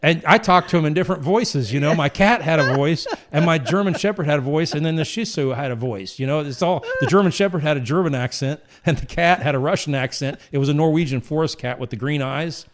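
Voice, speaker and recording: A man's voice: a little high, fast talker, few pauses, a crowd in the background. A man hosting a casual conversation, rambling through stories with frequent restarts. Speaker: podcast host.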